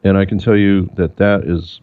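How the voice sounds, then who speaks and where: A man, a broadcast engineer, chatting as an interview guest and telling relaxed stories that grow animated when he quotes people. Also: low voice, moderate pace, no echo. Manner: relaxed storyteller, animated when quoting others. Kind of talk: casual interview chat. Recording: tinny phone-line call.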